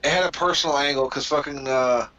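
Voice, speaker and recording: Brief: male podcast co-host, bright voice, crude laughing banter. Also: fairly high pitch, quick pace, poor audio. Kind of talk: casual chat watching wrestling.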